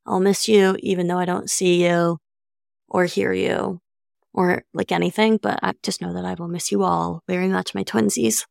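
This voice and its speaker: A woman's voice: on the low side, flat delivery, moderate pace, creaky, darkish tone, no room sound, studio quality. A young woman in her twenties co-hosting a podcast, chatting casually in a sarcastic, self-mocking way. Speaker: podcast co-host.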